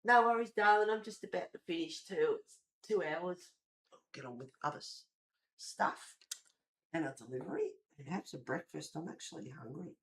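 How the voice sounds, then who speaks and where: A chatty woman hosting a colouring livestream from home. Her talk is lively and gossipy, with the occasional swear word thrown in. She sounds relaxed, like she's catching up with friends over a cuppa. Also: low-pitched, normal speed. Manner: animated, gossipy storytelling with swearing. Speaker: livestream host. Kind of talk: casual chat while colouring on a livestream.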